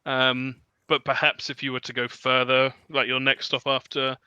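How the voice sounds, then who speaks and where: Brief: relaxed male game master, crisp and bright. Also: medium pitch, moderate pace, no room sound, dull audio. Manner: relaxed, with frequent ums and laughs. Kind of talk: narrating a tabletop game.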